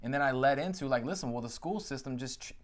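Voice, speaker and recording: In a casual podcast chat, a man in his thirties serves as co-host, speaking in an animated, emphatic style full of slang. His voice is mid-range and his pace quick.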